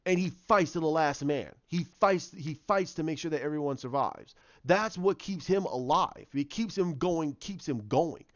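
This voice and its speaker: Rambling, animated man recapping a show. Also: fairly high pitch, moderate pace, no echo, highs cut off. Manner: rambling, animated, acts out scenes with repeated restarts. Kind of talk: casual spoken recap.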